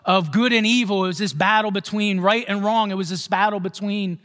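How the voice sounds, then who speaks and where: A man's voice: high voice, a little fast, a bit bright, big-room sound. A male pastor giving a sermon in a conversational way, often checking with the congregation. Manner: conversational, asks the congregation questions.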